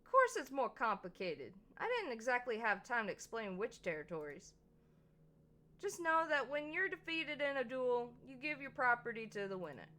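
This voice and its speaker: A woman's voice: fairly high pitch, very animated, normal speed, sharp tone. Woman voicing a brash tough-talking city guy. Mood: impatient. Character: brash young man with a tough big-city attitude. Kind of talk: visual novel read-aloud with character voices.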